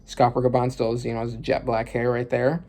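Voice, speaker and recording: A man reading through a manga chapter aloud and reacting, often bursting into loud exclamations and swearing. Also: mid-range voice, level tone, fairly quick.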